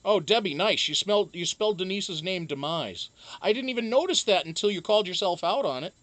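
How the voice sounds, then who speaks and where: A livestream host in loose, casual chat, swearing often and breaking into laughter. The pitch swings widely from low mutters to sudden high exclamations, and the talk is full of ums and restarts. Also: animated, a little fast, fairly bright tone, no room sound. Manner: profane, joking, laughs often, trails off with ums. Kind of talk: casual livestream chat, reading viewer comments.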